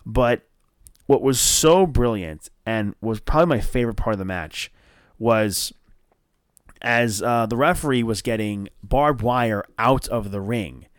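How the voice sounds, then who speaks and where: A man from northern New Jersey hosting a casual wrestling review podcast, rambling and excitable with lots of fillers and swearing. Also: mid-range voice, measured pace, dry recording, clean studio sound. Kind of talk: casual solo review show.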